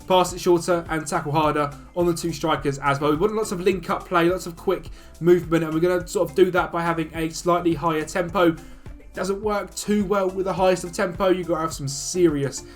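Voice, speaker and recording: A man's voice: sits high, fairly even intonation. A man hosting a video, giving casual, upbeat commentary as he runs through game stats. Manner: chatty, upbeat, talks fast through stats. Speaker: video host. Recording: faint music behind.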